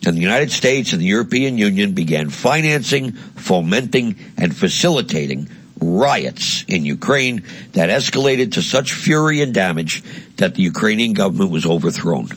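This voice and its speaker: A man's voice: fairly low pitch, sing-song, moderate pace, fairly bright tone, husky, no room sound. A man giving a blunt, heated political monologue, crude and mocking in tone. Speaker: political commentator. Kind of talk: impassioned monologue.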